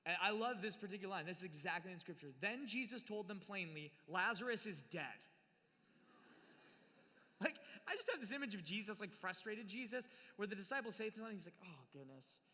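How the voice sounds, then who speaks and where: High-voiced and bright, with a forceful tone, lively intonation and normal speed, a youth speaker preaches live on scripture. He playfully acts out the people in the story, and the big hall gives a long reverb.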